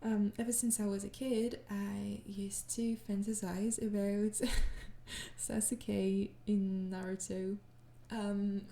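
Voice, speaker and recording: A tired young woman answering viewer questions in a casual chat, soft-spoken and hesitant, with many pauses and shy laughs. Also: medium pitch, little pitch movement, echoey room.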